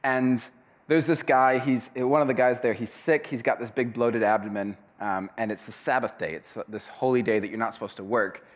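A man preaching to a church crowd, loose and chatty as he retells an old parable. His voice sits at a middle pitch, and he jumps into little acted voices of the characters along the way. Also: normal speed. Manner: casual, animated storytelling with acted voices. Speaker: pastor.

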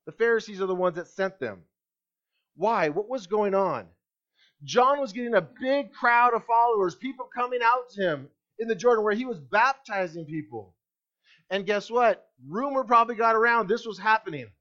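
A man's voice: high-pitched, normal speed, a bit bright, lo-fi sound. A man preaching a sermon as pastor, emphatic, asking the congregation rhetorical questions.

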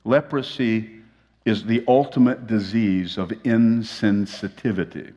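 Low-voiced male pastor in a reverberant hall. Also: fairly even intonation, a little slow, warm tone. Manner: humorous storytelling, then reads a passage aloud. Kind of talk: sermon with a personal anecdote. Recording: long reverb of a large hall.

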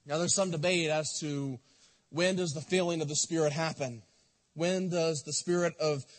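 High husky preacher man, churchy reverb. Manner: impassioned preaching, swings from loud to soft. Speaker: pastor. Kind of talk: sermon. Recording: long reverb of a church hall.

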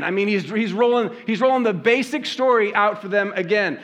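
A man's voice: high voice, brisk, hardly any pauses, fairly bright tone. A man delivering a sermon in a conversational style, telling stories and asking the congregation rhetorical questions. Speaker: pastor.

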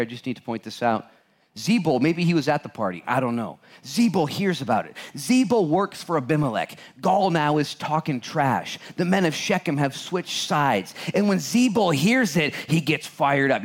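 A male pastor preaching a conversational sermon, asking the congregation questions and acting out voices. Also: medium pitch. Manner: addresses congregation directly with questions.

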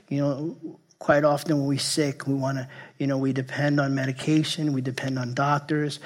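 A man preaching a sermon as pastor, emphatic and repetitive, often restarting phrases and sometimes dropping to a soft, intense tone. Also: medium pitch, level tone, normal speed. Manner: repeats and restarts phrases, emphatic, jokes at himself.

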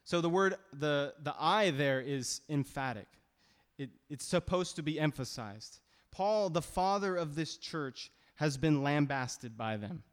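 A man's voice: on the high side, lively intonation, unhurried, smooth. Conversational male preacher in a reverberant hall. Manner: conversational, emphatic, with restarts. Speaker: pastor. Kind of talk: sermon.

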